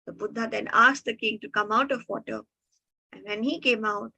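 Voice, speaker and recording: Bright-voiced woman doctor telling stories. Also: medium pitch, steady tone, vocal fry, slightly rough, rough recording. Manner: slow, emphatic storytelling. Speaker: doctor giving a health talk. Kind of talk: motivational health talk with storytelling.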